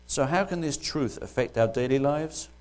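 A man's voice: mid-range voice, normal speed, darkish tone. A man with a British accent preaching a sermon, first joking lightly, then reading Bible verses and explaining them earnestly.

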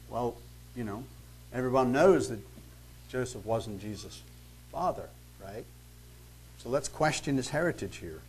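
A man leads a verse-by-verse Bible teaching, moving between reading scripture aloud and explaining it in plain, conversational speech. He leans on rhetorical questions and emphatic asides to drive his points home, at a mid-range pitch. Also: lively intonation, a little slow, long pauses, husky, low-quality recording. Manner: reads scripture, then comments conversationally.

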